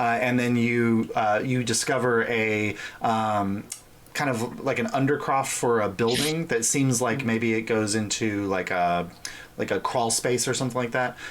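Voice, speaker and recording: A man's voice: medium pitch, steady tone, measured pace. A man narrating as game master in a casual tabletop session, talking loosely with many fillers and restarts.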